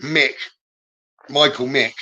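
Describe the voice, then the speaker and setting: Bright-voiced male psychic, reassuring. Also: mid-range voice, fairly even intonation, highs cut off. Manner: gentle, reassuring, frequent "okay?" checks; hesitant, with many "um" pauses. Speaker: psychic medium. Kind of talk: live-stream psychic reading.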